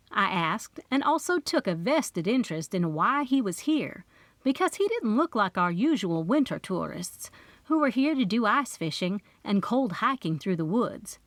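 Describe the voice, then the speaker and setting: A woman's voice: medium pitch, sing-song, a little slow, a bit bright, no room sound. Woman narrating an audiobook. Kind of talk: first-person audiobook narration.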